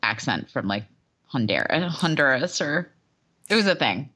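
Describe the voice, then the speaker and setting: A woman's voice: rumbling low, sing-song, a little slow, sharp tone, breathy edge. A woman co-hosting a podcast in casual chat, reacting emphatically and with lots of energy. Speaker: podcast co-host.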